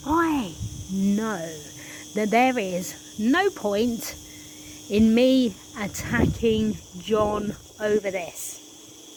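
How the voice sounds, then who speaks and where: A woman talks through spiritual ideas in a slow, drawn-out, earnest way, with the odd curse word slipping in. Her voice sits a little high and she takes her time over every phrase. Crickets, insects and passing cars hum clearly in the background. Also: rough recording. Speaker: spiritual vlogger. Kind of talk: casual spiritual monologue.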